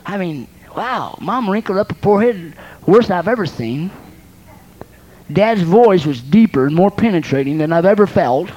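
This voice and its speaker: A woman's voice: on the low side, expressive, mellow, muffled recording. Woman preacher exhorting a congregation. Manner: exhorting, with repeated words and quick restarts. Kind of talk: sermon.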